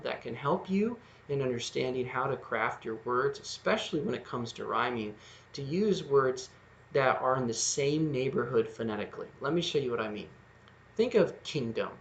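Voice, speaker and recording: Gravelly-voiced man teaching lyric writing. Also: mid-range voice, a bit bright, lo-fi sound. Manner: patient, explanatory, sounds words out slowly. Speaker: music teacher. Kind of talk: video lesson on lyric writing.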